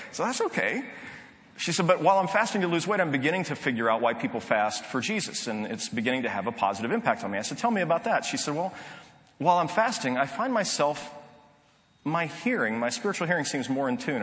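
A middle-aged pastor with a medium-pitched, slightly bright voice preaches a sermon, telling a story earnestly and conversationally with frequent restarts. The long reverb of a large hall surrounds him.

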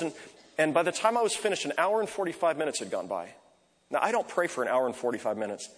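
A man preaching a sermon as pastor, conversational, softly repeating short prayer phrases. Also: on the high side, husky. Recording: echoey hall reverb.

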